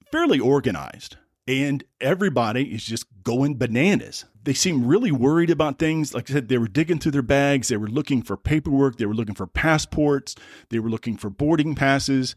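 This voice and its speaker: A man's voice: medium pitch, lively intonation, normal speed, no room sound, clean studio sound. A man from the United States hosting a podcast, telling a travel story in a casual, rambling way with wry asides and self-corrections. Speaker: podcast host.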